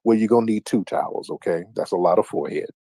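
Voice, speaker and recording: A man's voice: fairly low pitch, fast talker, mellow, dry recording. A man hosting a late-night livestream call-in show, teasing and taunting his callers in a mocking sing-song way. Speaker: livestream host. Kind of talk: casual call-in banter.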